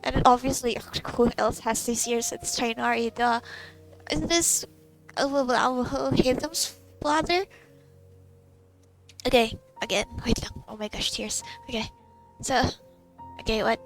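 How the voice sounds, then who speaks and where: A woman's voice: fairly high pitch, unhurried, faint music behind, poor audio. A young woman, reacting to a game in a giddy, emotional way, stammering and laughing. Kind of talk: casual live reaction.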